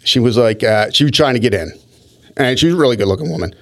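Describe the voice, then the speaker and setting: A man spins a loose, animated story in casual conversation. His voice sits in an ordinary middle pitch, and he doubles back and restarts his sentences as he goes. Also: quick pace. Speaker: podcast co-host telling stories.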